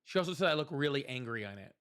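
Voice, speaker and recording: A man's voice: medium pitch, expressive, racing, fairly bright tone. A young man hosting a casual livestream, chatting with viewers, thanking them and laughing often. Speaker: livestream host.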